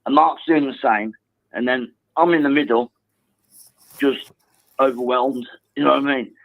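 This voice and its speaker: A man calling a football phone-in, telling a story excitedly and swearing now and then. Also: mid-range voice, moderate pace, creaky, no room sound. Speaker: caller. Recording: tinny phone line.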